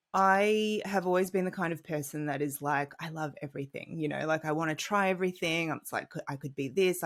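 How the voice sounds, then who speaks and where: Woman, Australian accent with French Canadian tinge, low voice, thoughtful, podcast guest. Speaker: guest, movement coach. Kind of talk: casual podcast interview.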